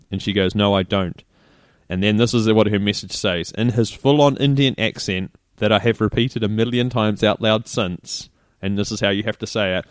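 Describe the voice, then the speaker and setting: A man's voice: fairly low pitch, normal speed, no room sound, studio quality. A New Zealand man co-hosting a podcast in laid-back casual chat, laughing and acting out quotes. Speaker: podcast co-host.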